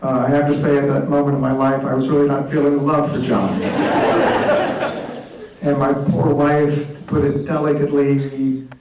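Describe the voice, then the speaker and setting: A man's voice: mid-range voice, level tone, moderate pace, noisy background. A man in his sixties telling comic stories to a library audience, acting out the voices of people in his stories. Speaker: author at a library event. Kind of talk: storytelling talk on stage. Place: large hall, live audience. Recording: echoey hall, mic from a distance.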